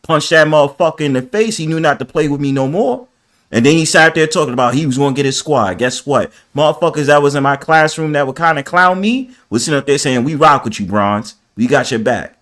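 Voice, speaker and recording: A man's voice: a little high, a bit bright. A man hosting a call-in panel, blunt and profane in casual talk. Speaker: panel host. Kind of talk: heated casual chat. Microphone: phone or video call.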